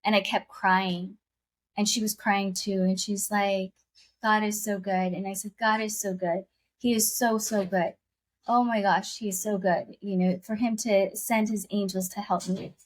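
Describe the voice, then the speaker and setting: A woman's voice: mid-range voice, steady tone, moderate pace. A woman guest telling a personal story in conversation, earnest and emotional, often repeating her phrases.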